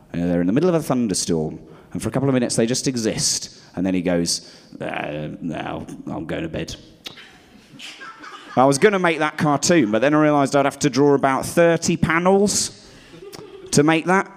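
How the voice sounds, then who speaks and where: A man's voice: animated, fairly quick. Guy doing stand-up, rambly and self-deprecating, voice swoops up and down a lot, mutters stuff under his breath. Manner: rambling, self-deprecating, trailing off into low asides. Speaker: stand-up comedian. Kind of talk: stand-up routine.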